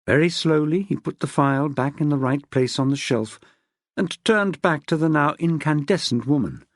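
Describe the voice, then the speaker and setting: A woman narrating a crime novel in a measured, expressive reading. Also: low voice, no echo, clean studio sound. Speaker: audiobook narrator. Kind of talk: scripted narration.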